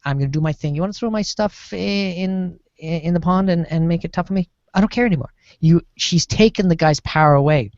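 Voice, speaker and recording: A man on a TV discussion panel, rambling and animated as he talks through a series. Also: fairly high pitch, fairly quick, hardly any pauses, no room sound. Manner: rambling, lots of fillers and restarts, animated. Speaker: podcast panelist. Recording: dull lo-fi sound.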